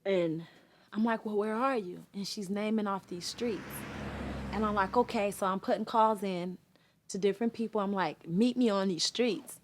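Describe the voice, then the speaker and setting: A woman in her forties telling her personal testimony in an earnest, halting way. She pauses often with fillers and raises her voice as she acts out remembered conversations. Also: mid-range voice, a little hiss or hum. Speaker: guest sharing her testimony.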